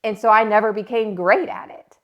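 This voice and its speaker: A woman in her thirties hosting a podcast, telling a personal story in a casual, animated way. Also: medium pitch, a little fast, dull audio. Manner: animated, acts out her own yelling and quotes. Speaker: podcast host.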